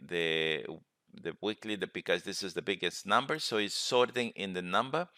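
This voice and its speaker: Deep-voiced man with a bright, crisp tone. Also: no room sound, studio quality. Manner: rambling, many fillers and self-corrections. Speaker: trading webinar host. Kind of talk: casual live screen-share lesson.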